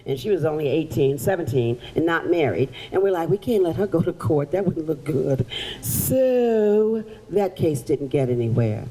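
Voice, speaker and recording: A woman performing as a historical figure, telling her story in the first person to children at a library in a theatrical, animated way. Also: fairly low pitch, poor audio. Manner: animated, theatrical, directs audience volunteers. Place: public library event room.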